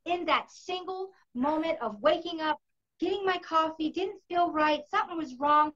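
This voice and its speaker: Lady in her 50s, high bright voice, telling a story all emphatic, kinda dull lo-fi sound. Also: moderate pace. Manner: vivid, emphatic retelling. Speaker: host. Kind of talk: casual storytelling in a conversation. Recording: dull lo-fi recording.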